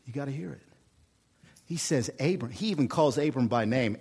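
A middle-aged pastor from Oklahoma with an Oklahoma accent, preaching a folksy, animated sermon full of humor and repetition. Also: male voice, medium pitch, moderate pace, breathy edge.

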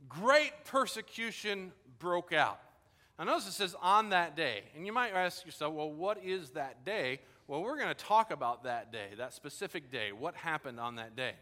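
A man preaching a sermon in a casual, animated way, telling stories and acting out quoted dialogue. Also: high voice. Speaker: pastor. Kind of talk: sermon with storytelling. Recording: long hall reverb.

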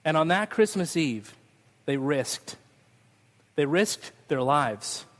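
A pastor's slightly high voice moves slowly with lively intonation through his Christmas Eve sermon. He tells stories, sings brief snippets, and finishes in prayer, with a long hall reverb on the recording.

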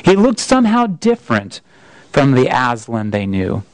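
Man, pastor, sermon storytelling, expressive, emphatic, middle pitch, dry. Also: normal speed, dry recording, poor audio. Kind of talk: sermon with a read-aloud story.

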